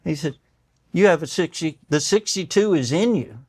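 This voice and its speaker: A man's voice: on the high side, moderate pace, husky, no room sound, clean studio sound. An older man, a doctor, telling stories in a conversation and acting out the voices of the people in them. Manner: animated storyteller acting out quoted voices, tears up. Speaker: doctor and guest. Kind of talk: storytelling in conversation.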